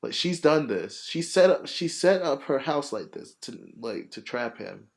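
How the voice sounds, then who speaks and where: A man hosting a podcast, casually retelling a movie plot in a rambling, profane, animated way full of fillers. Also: fairly high pitch, measured pace, vocal fry. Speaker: podcast host.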